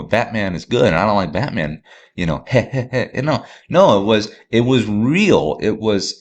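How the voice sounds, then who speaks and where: Man, very low voice, casual podcast chat, rambling, lots of fillers. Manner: rambling, filler-heavy, enthusiastic. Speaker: podcast host.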